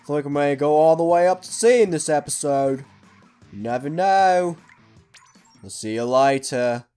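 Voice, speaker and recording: A man hosting a gaming channel, giving hyper, excitable let's play commentary and yelling at opponents. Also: fairly high pitch, a little slow, smooth, faint music behind.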